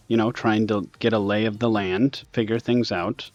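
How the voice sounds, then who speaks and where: A man ranting in an exasperated, animated way over gameplay, with sudden loud bursts. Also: fairly low pitch, moderate pace, few pauses, dry recording, highs cut off, faint music behind. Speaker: gaming video host.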